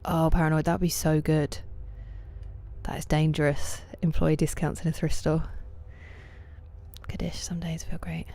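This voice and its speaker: Woman game streamer, low mellow voice, chatty with chat, goes soft and whispery a lot. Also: flat delivery, measured pace, long pauses. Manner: chatty, greets and answers chat by name, often drops to soft near-whispers. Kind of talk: casual live-stream chat while gaming.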